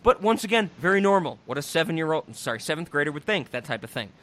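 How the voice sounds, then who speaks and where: A young man on a podcast, recapping a movie in casual comedic chat, swearing, laughing and acting out the characters. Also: a little high. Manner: animated, profane, laughing, acts out characters in quick voices. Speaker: podcast host reviewing a movie.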